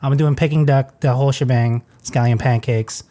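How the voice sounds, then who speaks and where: A man's voice: mid-range voice, steady tone, moderate pace, mellow. A man who is a chef co-hosting a casual podcast, joking bluntly and swearing casually.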